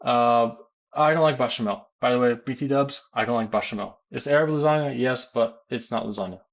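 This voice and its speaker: American guy rambling through an army story, lots of ums and restarts, average pitch, casual q&a vibe. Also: brisk, vocal fry, muffled recording. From United States. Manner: rambling, animated, many fillers and restarts. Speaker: gaming YouTuber and teacher.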